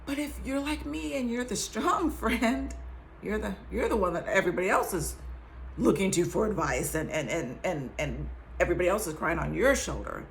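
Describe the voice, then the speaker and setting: Speaking at a moderate pace in a fairly low, animated voice with vocal fry, this woman gives a heartfelt faith-based talk as a survivor sharing testimony. She's emphatic, drops into whispers, and laughs between phrases, over a slight hiss or hum.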